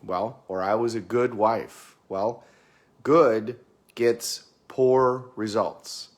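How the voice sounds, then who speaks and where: A man's voice: fairly low pitch, fairly even intonation, drawn-out words. A middle-aged man giving a conversational motivational talk, often repeating words as he goes. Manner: conversational, repeats words, acts out quoted clients. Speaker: motivational speaker.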